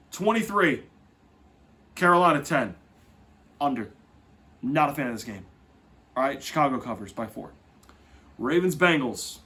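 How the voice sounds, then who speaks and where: A man hosting a football podcast, talking casually and correcting himself as he goes. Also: a little high. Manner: lively, swings loud and soft, self-correcting. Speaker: podcast host. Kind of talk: casual sports podcast talk.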